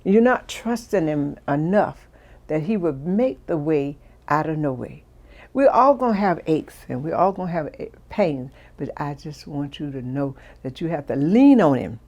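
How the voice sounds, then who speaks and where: Older woman, deep voice, homespun storytelling, faith-filled advice. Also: expressive, normal speed. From Florida, USA. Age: 70s. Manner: folksy, repeats "I said", gently preachy. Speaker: storyteller guest. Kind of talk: casual personal storytelling.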